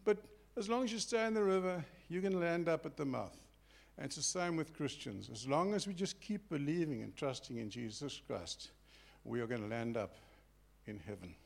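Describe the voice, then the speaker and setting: An older man preaching a conversational sermon, telling stories and often dropping his voice soft. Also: a little high, expressive, moderate pace, vocal fry. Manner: storytelling, conversational with sudden soft drops.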